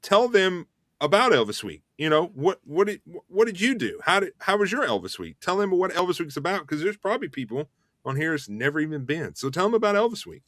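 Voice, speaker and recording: US male host, middle pitch, dry close mic, fast and eager. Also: no room sound. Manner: rushed, energetic promo talk with fillers. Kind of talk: casual online show chat.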